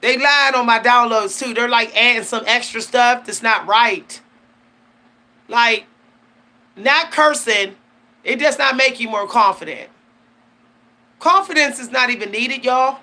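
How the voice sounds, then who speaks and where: A woman's voice: on the high side, a little slow, pauses often, sharp tone. A woman hosting her channel, talking casually and emphatically about spiritual matters, slangy and laughing often. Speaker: channel host. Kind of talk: casual spiritual talk to camera.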